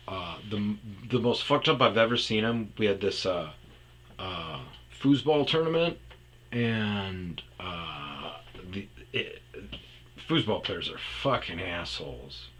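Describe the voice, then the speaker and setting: A man's voice: sits low, very animated, slow, fairly bright tone, slight background noise, low-quality recording. A man telling rambling, profane comedic stories about his past on a podcast. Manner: rambling, profane, slips into impressions. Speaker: podcast storyteller. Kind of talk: casual comedic storytelling.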